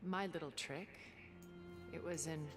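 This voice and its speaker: A woman voicing a poised, elegant older woman in a video game cutscene, speaking in a refined, measured way. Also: deep voice, fairly even intonation. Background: game music.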